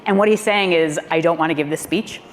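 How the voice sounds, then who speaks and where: A woman who is a former speechwriter, telling a lively story on a panel and acting out the quoted voices with big jumps in pitch. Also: fairly quick. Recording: long hall reverb with faint noise.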